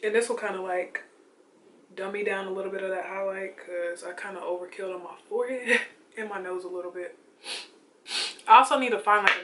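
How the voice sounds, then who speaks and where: A young woman chatting casually and excitedly about her makeup while she gets ready at home, full of slangy asides. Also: medium pitch, noisy background. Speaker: beauty vlogger. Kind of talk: casual get-ready-with-me chat.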